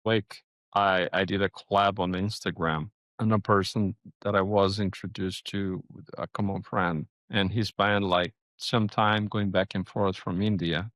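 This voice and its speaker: A man hosting a podcast interview, musing out loud with halting restarts and searching questions. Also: low-pitched, steady tone, dry recording. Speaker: podcast host. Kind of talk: casual interview conversation.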